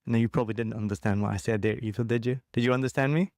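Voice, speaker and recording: A man's voice: medium pitch, steady tone, rapid-fire, a little mellow, no echo, clean studio sound. A man with a Scottish accent hosting a podcast interview, chatty and jokey with self-mocking asides. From Scotland. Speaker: podcast host. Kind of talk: casual interview chat.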